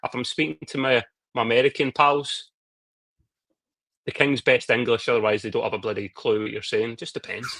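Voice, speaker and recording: A man's voice: mid-range voice, steady tone, brisk, vocal fry, a bit bright, no echo. A Scottish man with a Scottish accent, co-hosting a football podcast in a blunt, joking way with Scots slang. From Scotland. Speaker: podcast co-host. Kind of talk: casual football podcast chat.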